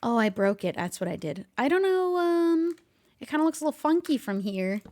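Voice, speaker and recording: Woman streamer with a pretty high voice, chatty and jumpy, talking to someone she can't find in the game. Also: sing-song, moderate pace, a little mellow. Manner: jumpy, easily startled, chatty, talks to an unseen player. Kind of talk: casual gameplay commentary with light role-play.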